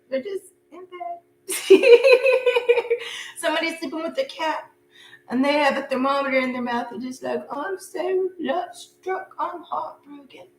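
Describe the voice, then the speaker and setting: A woman's voice: medium pitch, fairly bright tone. A middle-aged woman giving a casual live tarot reading, chatty and blunt, laughing often and cursing freely. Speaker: tarot reader. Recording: echoey room with faint hum.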